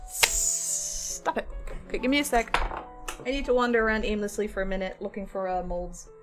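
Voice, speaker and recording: A woman's voice: mid-range voice, fast talker, soft background music. A woman chatting casually on a livestream while she works on crafts, rambling and laughing at herself. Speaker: streamer and craft artist.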